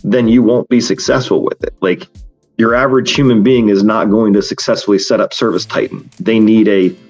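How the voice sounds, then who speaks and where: A man's voice: lowish voice, fairly even intonation, fairly quick, a little mellow, lo-fi sound, faint music behind. A man hosting a podcast in casual chat, talking frankly and rambling with many fillers and restarts. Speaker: podcast host.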